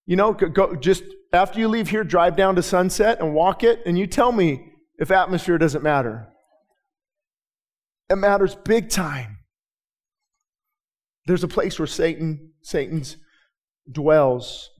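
A middle-aged male pastor preaching a sermon, moving from quiet storytelling to shouted, rising declarations. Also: high-pitched, animated, a little slow, pauses often. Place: church sanctuary with balcony.

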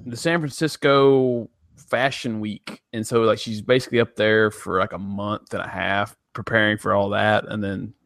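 A man's voice: lowish voice, steady tone, moderate pace, gravelly, a bit bright, no room sound, studio quality. A man co-hosting a podcast, rambling casually with lots of "like" and restarts. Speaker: podcast co-host. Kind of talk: casual chat.

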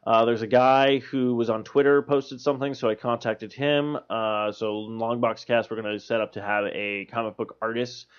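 A man's voice: mid-range voice, little pitch movement, normal speed, few pauses, clean tone. A man hosting a podcast, chatting casually in a rambling way and swearing freely, on slightly muffled audio. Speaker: podcast host.

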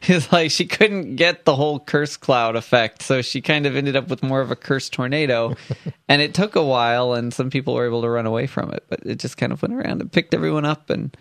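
A man's voice: medium pitch, fairly quick, a bit bright, no echo, studio quality. A man co-hosting a podcast, chatting casually and playfully with frequent laughs. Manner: playful, laughs often, jokey asides. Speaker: podcast co-host.

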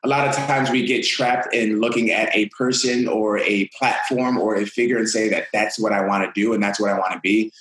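Guest spot: low-voiced fitness coach, upbeat and motivational, talks in long flowing runs, roomy echo. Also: male voice, fairly even intonation, brisk, few pauses, a bit bright. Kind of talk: energetic interview answers.

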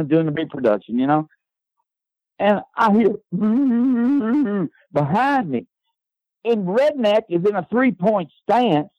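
A man's voice: a little high, no echo, dull audio. Older man telling a rowdy story. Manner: lively storyteller, ends lines with "man". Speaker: guest, former wrestling manager. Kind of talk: animated anecdote telling.

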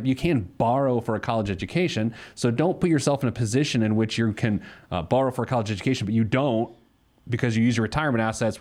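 A man's voice: medium pitch, darkish tone. A man hosting a money advice show, talking casually and joking, with lots of fillers. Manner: joking, rambling with many fillers. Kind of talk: casual radio show banter.

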